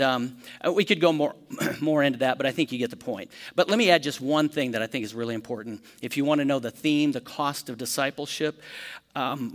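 A man's voice: medium pitch, big-room sound. Guy pastor teaching bible study, chatty, asks the room stuff, acts out little stories. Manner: conversational, asks the room questions; acts out quick lively storytelling examples.

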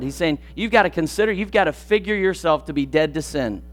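A pastor delivering a sermon in an earnest, emphatic way. His voice sits somewhat high for a man, and he leans into questions with rising force. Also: expressive. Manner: hushed, slow and reverent in prayer. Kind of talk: sermon with prayer and scripture reading.

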